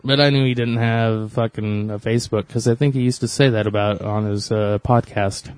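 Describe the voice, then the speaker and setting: A man's voice: lowish voice, fairly even intonation, moderate pace, a little mellow, no echo. A man co-hosting a crude podcast chat, laid-back and hesitant, trailing off into fillers. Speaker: podcast co-host.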